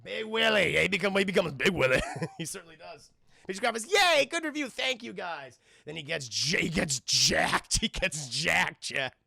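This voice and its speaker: A young man casually recapping a cartoon episode for a live stream chat, excitable, laughing often and tripping over his words. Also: fairly high pitch, normal speed, creaky, crowd noise.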